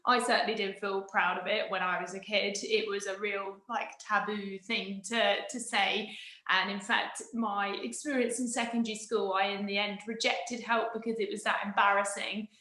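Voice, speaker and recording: A woman's voice: mid-range voice, flat delivery, normal speed, sharp tone. A woman in her thirties, co-hosting a casual interview and asking enthusiastic questions. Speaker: co-host. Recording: roomy echo.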